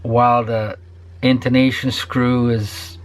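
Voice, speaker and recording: A man's voice: medium pitch, little pitch movement, slow. An older man who builds guitars, ranting profanely to his viewers and sometimes dropping into a whisper. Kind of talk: ranting vlog to camera.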